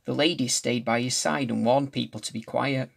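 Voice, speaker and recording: A man's voice: medium pitch, steady tone, normal speed, vocal fry. A man reading a novel aloud chapter by chapter, now and then stumbling and restarting a line. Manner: restarts and corrects slips while reading. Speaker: reader.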